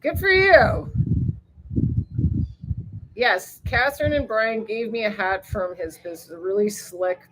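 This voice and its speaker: A woman hosting a casual live chat, rambling freely, laughing often and greeting viewers by name with sudden excited bursts. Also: mid-range voice, a little slow, pauses often, rough recording. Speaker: livestream host reading viewer chat.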